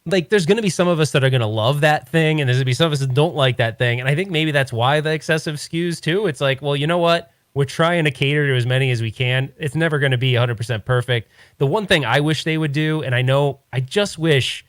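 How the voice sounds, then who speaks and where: A man's voice: fairly high pitch, quick pace, hardly any pauses, dry recording, clean studio sound. A man hosting a podcast, talking in a rambling, opinionated, casual way. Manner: rambling, opinionated, many restarts. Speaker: podcast host. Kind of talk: casual chat.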